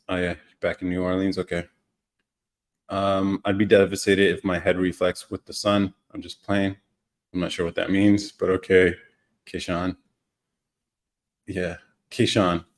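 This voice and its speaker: A young man with a low-pitched voice hosts a casual live podcast. He rambles through stories, teases viewers and reacts to their comments with easy laughter. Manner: loose, joking, laughs often, reads out viewer comments. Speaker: podcast host. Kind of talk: casual livestream chat.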